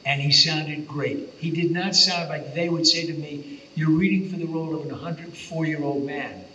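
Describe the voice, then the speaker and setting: An older man spins playful anecdotes from a convention panel stage. His voice is bright and sits somewhat high for a man, heard from a distance in a roomy hall with a dull, slightly muffled sound. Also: fairly even intonation, moderate pace, slight background noise. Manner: playful storyteller, slips into character voices. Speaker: voice actor panelist.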